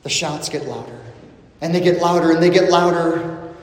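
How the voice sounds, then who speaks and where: A man preaching a sermon, telling a story dramatically and swinging between urgent calls and hushed, solemn lines. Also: on the high side, fairly even intonation, normal speed, echoey room, long reverb tail.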